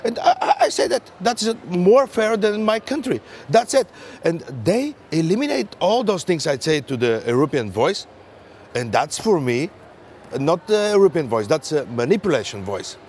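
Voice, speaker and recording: A man from Bulgaria speaking emphatic, halting English with frequent fillers, his voice sitting a little high for a man. Faint noise hums behind him. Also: very animated, a little mellow. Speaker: member of European Parliament. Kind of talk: round table discussion.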